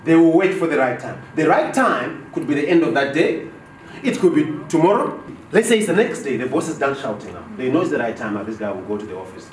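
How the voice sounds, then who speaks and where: Animated male trainer in an echoey room. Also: fairly high pitch, fast talker, slight background noise. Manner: animated, asks the class questions and acts out dialogues. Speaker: business trainer. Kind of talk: classroom workshop lecture. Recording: roomy echo from far off.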